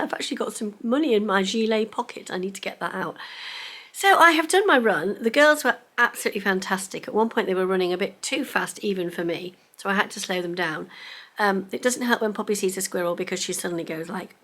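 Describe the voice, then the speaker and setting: A middle-aged woman, talking casually to camera at home in a vlog, chatty and excitable and often dropping into a whisper. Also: medium pitch. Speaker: vlogger. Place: home, indoors.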